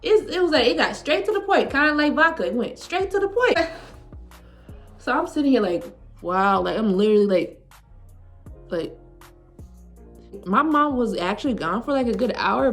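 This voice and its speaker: Speaking at a normal speed but pausing often, this twenty-something woman has a high, expressive voice, with soft music playing in the background. She's a vlogger at home, rambling through a heartfelt personal story packed with "like".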